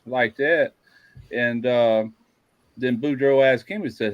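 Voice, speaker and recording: A man's voice: measured pace, lo-fi sound. A man casually telling folksy jokes, lifting his voice for the characters. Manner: tells folksy Cajun jokes, doing character voices higher. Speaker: joke teller.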